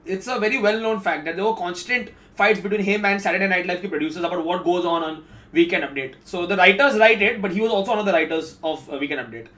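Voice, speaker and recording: A man with an Indian English accent talks through clips at a breakneck clip, chatty and explaining. His voice sits high for a man, switching languages mid-sentence in relaxed commentary. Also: quick pace. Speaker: reaction video host. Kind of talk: casual commentary mixing two languages.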